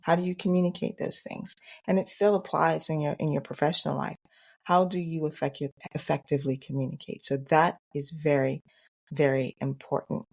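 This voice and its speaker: A woman hosting a solo podcast, speaking earnestly and reflectively at an unhurried pace, often repeating phrases for emphasis. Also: sits low, steady tone, creaky, a little mellow. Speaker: podcast host.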